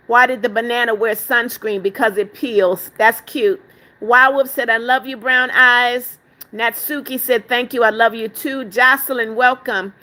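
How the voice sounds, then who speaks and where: Bright-voiced woman hosting a live stream. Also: on the high side, fairly even intonation, a little slow. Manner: reads viewer comments aloud and greets each by name; calls viewers "darling", firm with spammers. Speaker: livestream host. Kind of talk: casual live-stream chat.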